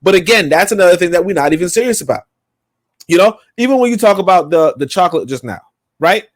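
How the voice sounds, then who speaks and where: Fairly high-voiced guy, swearing and rambling on a podcast, dry close mic. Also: expressive, fast talker, dry recording. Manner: profane, rambling, emphatic. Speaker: podcast co-host. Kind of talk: casual opinionated chat.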